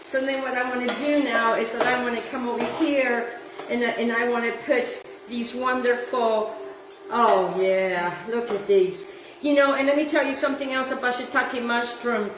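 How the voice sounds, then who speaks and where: A woman's voice: a little high, normal speed, recorded from a distance. A woman hosting a home cooking demonstration in her kitchen, talking in a gushing, effusive way and now and then singing her words. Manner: effusive, gushing, sometimes sings phrases. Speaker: cooking show host. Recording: echoey room with faint background noise.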